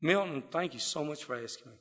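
A man's voice: a little high, animated, a little fast, a bit bright, slight background noise. A man giving a heartfelt, folksy personal testimony to a gathering. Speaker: speaker sharing recovery story. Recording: long reverb of a hall.

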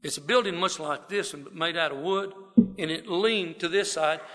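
A man's voice: a little high, moderate pace, fairly bright tone. A middle-aged man from South Texas with a Texas drawl, telling a folksy, self-deprecating personal story to a live audience. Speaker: speaker sharing his recovery story. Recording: long hall reverb.

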